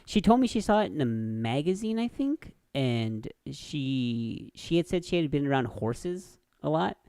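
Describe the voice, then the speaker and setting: A man's voice: on the high side, unhurried, clear, resonant tone, no echo. A man hosting a podcast, telling crude stories in casual chat, swearing and laughing often. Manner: animated storyteller, laughs a lot, swears. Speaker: podcast host.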